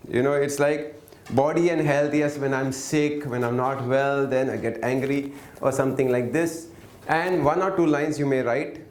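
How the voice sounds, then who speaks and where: A man's voice: medium pitch, fairly even intonation, moderate pace, darkish tone. Man teaching, echoey room. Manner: questioning, coaxing the audience to answer. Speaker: workshop teacher. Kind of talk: interactive spoken lesson.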